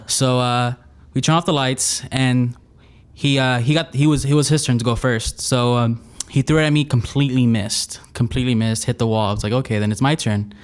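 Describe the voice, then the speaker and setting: A man's voice: mid-range voice, fairly quick. A young man telling a funny personal story in a casual, rambling way, with lots of restarts. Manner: rambling, many restarts, animated retelling. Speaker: storyteller guest.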